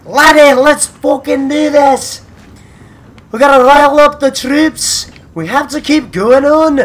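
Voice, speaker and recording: A man putting on a clumsy Scottish accent to play a rowdy man rallying troops, shouting loudly. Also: very high voice, takes it slowly, pitched above the performer's own voice, exaggerated voice. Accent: put-on Scottish. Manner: loud, fired-up battle shouting.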